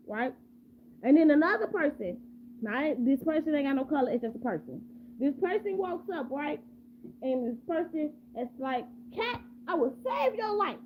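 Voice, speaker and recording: A woman improvising a rambling, repetitive story casually and asking her listeners questions. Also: sits high. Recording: tinny phone-like, faint hum.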